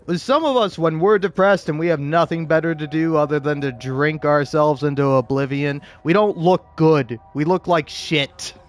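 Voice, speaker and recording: A man's voice: on the high side, normal speed, hardly any pauses. A man talking casually to camera about a show, rambling and emotional, with many restarts and curses. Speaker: vlogger. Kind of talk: casual opinion monologue.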